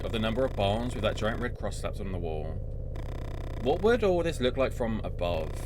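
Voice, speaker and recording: Man, low voice, lively delivery, reads game text then chats, game music underneath. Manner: reads narration evenly, then chats and swears in asides. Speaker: streamer playing a game. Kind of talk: reading game text aloud with casual commentary.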